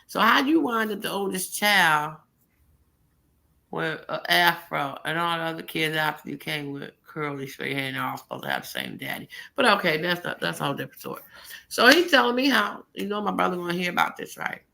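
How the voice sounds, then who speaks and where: A middle-aged woman casually telling a personal story, animated and laughing, jumping into high voices for quotes. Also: fairly quick, gravelly, rough recording.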